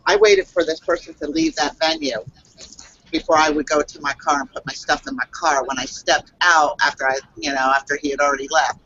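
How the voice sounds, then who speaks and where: A woman who works as a psychic reader tells a personal story on a video call, halting and earnest, with many fillers and restarts. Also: sits low, fairly even intonation, fairly bright tone, husky, lo-fi sound.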